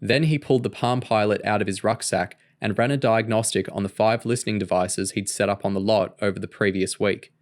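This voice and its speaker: A man reading a novel aloud in an even, steady narration. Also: fairly low pitch, a little fast, few pauses. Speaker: audiobook reader.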